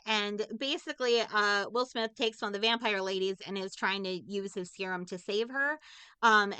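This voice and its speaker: A woman's voice: medium pitch, sharp tone, clean tone, no echo. A woman co-hosting a casual movie review podcast, giving an emotional, rambling recap of a film and swearing often. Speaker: podcast co-host.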